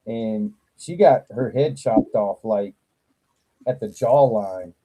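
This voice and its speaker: Slow-talking profane livestream host, man. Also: on the low side, poor audio. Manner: animated, profane, laughs a lot, slow drawl. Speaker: toy channel livestream host. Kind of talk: casual live chat.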